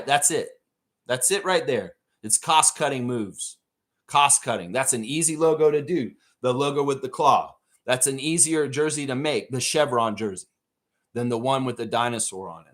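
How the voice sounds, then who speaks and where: A man hosting a casual live basketball fan stream, his pitch swinging widely as he gets worked up. He rants and swears without holding back, talking straight to his viewers. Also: moderate pace. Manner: animated, ranting, swears freely. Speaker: podcast host. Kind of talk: casual live sports chat.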